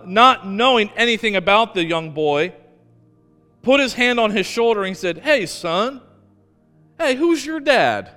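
Slow, emphatic preaching man in a hall. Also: on the high side, a bit bright. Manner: emphatic storyteller, slows down to stress key words. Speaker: pastor. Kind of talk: sermon.

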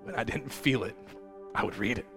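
A man's voice: on the low side, fairly quick, in a large hall, over music. A man pastor giving a personal sermon, earnest and close to tears, often restarting his sentences. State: emotional, near tears. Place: church.

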